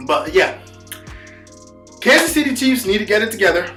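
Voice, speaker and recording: Dude with a high voice going off on a sweary sports rant, echoey room, faint music behind. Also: male voice, expressive. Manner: profane, insulting, swears constantly; rapid, forceful delivery with emphatic repetitions. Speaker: sports vlogger. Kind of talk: heated solo rant.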